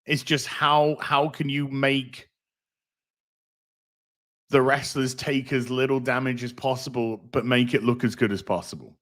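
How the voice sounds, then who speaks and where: A man's voice: medium pitch, steady tone, measured pace, fairly bright tone. A middle-aged man hosting a casual livestream, rambling, reading out donations and swearing freely. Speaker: livestream host.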